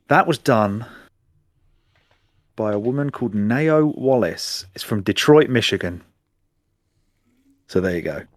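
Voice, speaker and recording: A man's voice: on the low side, dry recording. A man co-hosting a podcast, chatting casually with trailing asides. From England. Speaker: podcast co-host. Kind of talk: casual chat.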